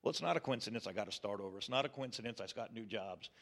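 A man's voice: lowish voice, very fast. A middle-aged man giving a plainspoken personal testimony with self-deprecating humor. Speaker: testimony speaker.

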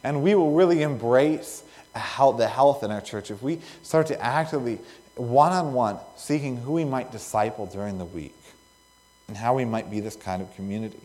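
A man preaching a sermon as pastor, earnest, with pauses and swells of emphasis between phrases. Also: mid-range voice, a little mellow. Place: church sanctuary. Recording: long reverb of a church hall.

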